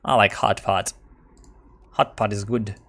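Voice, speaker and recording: A man giving casual, joking commentary while playing a strategy game. He rambles excitedly and swears often. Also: on the low side, a little slow, gravelly. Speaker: video game player.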